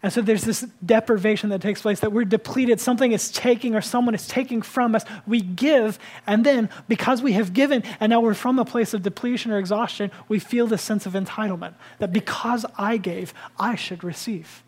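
A man preaching a sermon as the church's teaching pastor, earnest, building to emphatic peaks and dropping to soft asides. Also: high voice, a little fast, hardly any pauses.

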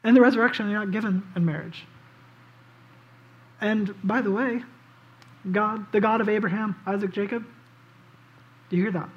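A man preaching a casual, conversational sermon as pastor. He tells the story in an animated way and often says "like" and "um". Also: sits high, moderate pace, pauses often, muffled recording. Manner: animated storytelling, acts out quoted voices; casual, with frequent "like" and "um".

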